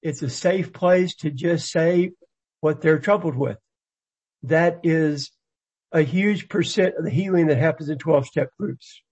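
A man's voice: a little high, unhurried, darkish tone, husky, rough recording. A man sharing in a group discussion, speaking earnestly and repeating his phrases. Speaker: group member.

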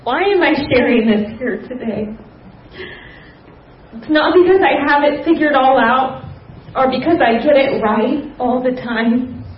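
A young woman giving an earnest personal testimony at a church gathering, with soft fillers and a confiding manner. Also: high-pitched, measured pace, pauses often, far from the mic, slight background noise. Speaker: church speaker sharing testimony. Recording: roomy hall, slightly dull sound.

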